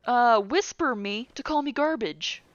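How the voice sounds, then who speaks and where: Young female co-host, lively and foul-mouthed, slightly high pitch, dry dull mic. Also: no room sound. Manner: animated, swears freely, quick laughs. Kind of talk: casual gaming chat.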